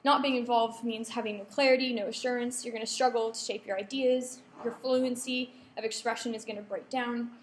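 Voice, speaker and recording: A woman's voice: a little high, fairly even intonation, fairly quick, few pauses, slight background noise. A young woman giving a writing workshop to students, explaining points with frequent ums and self-corrections. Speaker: lecturer. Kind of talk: academic writing workshop talk. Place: lecture room. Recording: echoey lecture room.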